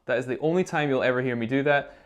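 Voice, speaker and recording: A man, a music teacher, teaches recorder to young kids in a lesson video at a middle pitch, with slight background noise. He patiently covers every step, keeps cheering the children on, and tosses in "okay?" every few phrases.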